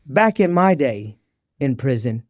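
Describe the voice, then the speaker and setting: A man, a podcast guest, telling his recovery story in an animated, slangy way and acting out the dialogue. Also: medium pitch, measured pace, dry recording, studio quality.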